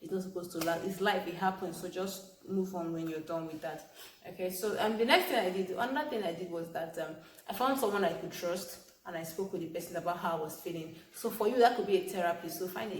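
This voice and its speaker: A woman's voice: on the low side, quick pace, a little hiss or hum. A young woman talking to camera in a casual vlog, earnest and emphatic, repeating her points. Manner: earnest, repetitive, emphatic, with soft laughs. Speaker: vlogger. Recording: echoey room with faint background ambience.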